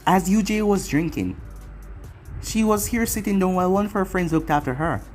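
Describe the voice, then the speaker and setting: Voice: medium pitch, a little fast, darkish tone, soft background music. A narrator reading an anime fan fiction story aloud in a plain storytelling way.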